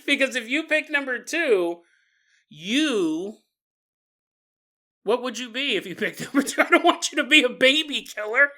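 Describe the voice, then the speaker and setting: A podcast host with a high, bright, forceful voice tells comedic stories at a moderate pace, his pitch swinging widely. He laughs his way through his sentences as he jokes along.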